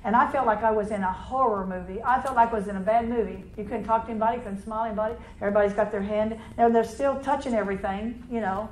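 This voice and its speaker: A woman preaching a charismatic sermon in fast, run-on talk, clearing her throat and restarting often. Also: a little high, fairly even intonation, a little mellow, roomy sound, a little hiss or hum, poor audio.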